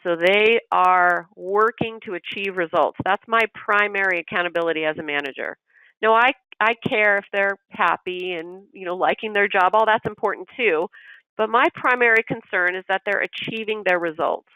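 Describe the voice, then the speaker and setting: Gravelly, bright-voiced business trainer. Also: medium pitch, normal speed, no echo, highs cut off. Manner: explanatory, walks through examples step by step; acts out manager dialogue in quotes. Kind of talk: recorded training webinar.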